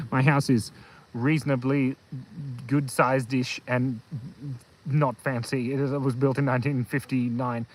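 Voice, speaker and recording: A man's voice: mid-range voice, steady tone, a little slow, pauses often, poor audio. A man hosting a casual live stream from a hilltop outdoors, rambling and telling silly jokes. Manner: goofy, joking, rambling with fillers. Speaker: kids' channel host.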